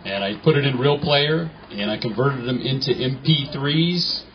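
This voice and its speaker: A man's voice: medium pitch, normal speed, muffled recording. A man hosting a meeting, chatty and enthusiastic as he introduces the next speaker. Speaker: meeting host.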